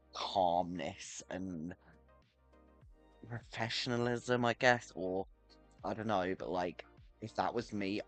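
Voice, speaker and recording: Low-voiced man swearing on stream. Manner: swearing, rambling with restarts. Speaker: streamer reacting to footage. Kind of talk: casual live-stream commentary.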